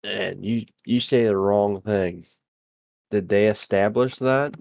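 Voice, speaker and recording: Slow, low-voiced podcast guy, dull mic. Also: vocal fry, a little mellow, no room sound. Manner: laid-back, rambling with fillers. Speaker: podcast co-host. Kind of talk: casual crude banter.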